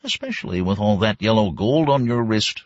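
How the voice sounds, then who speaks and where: A man's voice: on the low side, animated, normal speed, dry recording, lo-fi sound, lightly acted. A man voicing mocking male uniformed enforcers who taunt and menace their victim.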